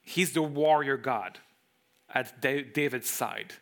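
A man's voice: medium pitch, slow pace, fairly bright tone. A man speaking English as a second language, preaching an expository sermon to a room, emphatic and full of rhetorical questions. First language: not English. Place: room with a congregation.

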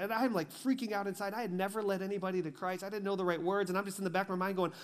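Pastor, male, from Michigan, sermon delivery, slightly high voice, animated storyteller. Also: very fast, hardly any pauses. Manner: storytelling, acts out dialogue, builds to emphatic peaks then quiet intensity.

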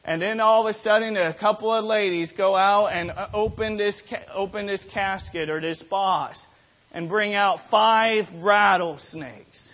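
A man with a fairly high voice preaches and tells a story, full of energy. He often stops and starts again, repeating words as he goes. The recording sounds dull and lo-fi. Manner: animated storyteller, frequent restarts and repeated words. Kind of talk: sermon with storytelling.

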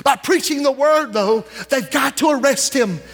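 A preacher with a strikingly high voice delivers a fervent sermon, calling out to his listeners and building momentum. His voice rings through a church with a long, lingering reverb. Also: moderate pace, fairly bright tone, faint music behind. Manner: fervent preaching with call-outs to the congregation. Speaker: pastor. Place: church sanctuary.

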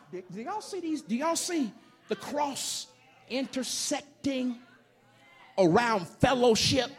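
Pastor, male, storytelling sermon, high voice, big swings, shouts for emphasis. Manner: preaching with shouted emphasis and stories; casual, everyday speech.

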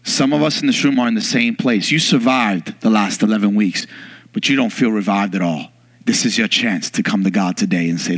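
A man preaching a sermon in church, telling a story with lively acted-out moments. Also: lowish voice, brisk. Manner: animated storyteller, bursts into loud yelling in acted scenes. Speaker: pastor.

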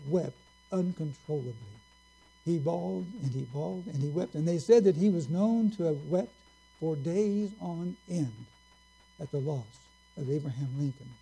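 A man preaching a sermon, telling a story slowly and earnestly and drawing out his key words. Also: a little high, creaky, mellow, husky, rough recording.

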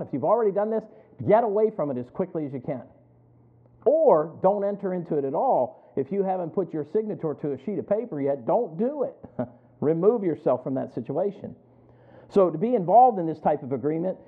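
A man preaching a sermon in a conversational way, calling on listeners by name and building to emphatic peaks. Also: fairly high pitch. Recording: tinny phone-like sound.

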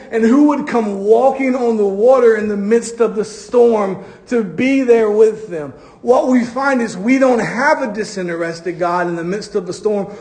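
High-voiced man preaching a sermon. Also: darkish tone. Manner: preaching with drawn-out emphatic phrases and acted quotes. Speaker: pastor. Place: church.

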